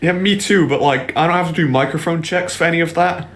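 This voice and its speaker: A man's voice: on the high side, fast, fairly bright tone. A young man co-hosting a casual podcast, teasing his friends bluntly. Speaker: podcast co-host. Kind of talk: casual chat.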